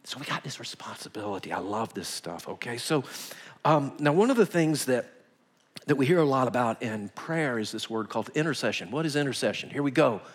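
A male pastor, preaching a sermon full of lively stories and acted-out quotes. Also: medium pitch, a little fast. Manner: animated, emphatic, acts out quotes in a whisper or shout. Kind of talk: storytelling sermon.

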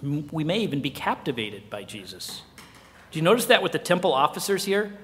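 Middle-aged male pastor with a fairly high voice, preaching conversationally with quiet drops for emphasis, in a church hall with a long echo. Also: sing-song, a little fast. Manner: asks the listeners rhetorical questions. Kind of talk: sermon.

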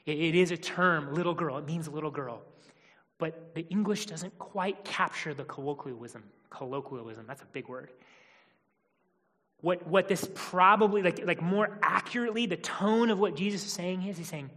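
A man with a notably high voice preaches a sermon, his words trailing into a long reverb. He swings from hushed, almost whispered tenderness to loud, emphatic declarations. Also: moderate pace. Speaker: pastor.

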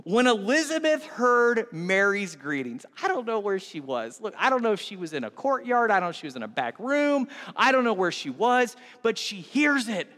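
High, bright-voiced animated male pastor. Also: normal speed, hardly any pauses, long reverb tail. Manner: animated storytelling, acting out scenes. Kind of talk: sermon.

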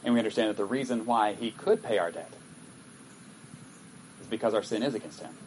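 A man's voice: lowish voice, fairly quick, a little mellow, a little hiss or hum, low-quality recording. A male pastor giving a sermon in a conversational way, reading scripture aloud and breaking off to comment on it. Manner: conversational, reads scripture aloud with acted asides.

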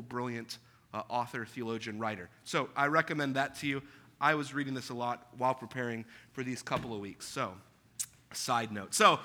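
Pastor, male, thirties; high, very bright voice, chatty storytelling sermon. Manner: conversational storytelling with acted quotes. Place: church auditorium.

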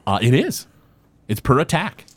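A man's voice: medium pitch, huge pitch swings, normal speed, dry recording. Chuckling man running a tabletop game. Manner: loose and chuckling, full of hesitations. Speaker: game master.

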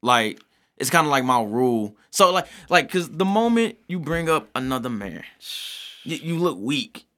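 A man talking casually on a podcast, laid-back and profane, often slipping into animated quoted voices. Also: mid-range voice, normal speed.

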